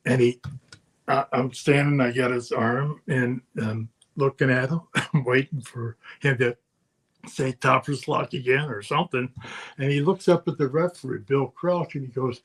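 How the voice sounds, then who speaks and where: A man's voice: mid-range voice, fairly even intonation, moderate pace. An older man, a former wrestler, telling rambling anecdotes in casual podcast chat, often chuckling. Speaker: guest storyteller, former wrestler.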